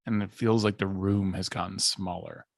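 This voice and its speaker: A man's voice: low-pitched, little pitch movement, moderate pace, no room sound. Man, dungeon master, narrating tabletop game, dry audio.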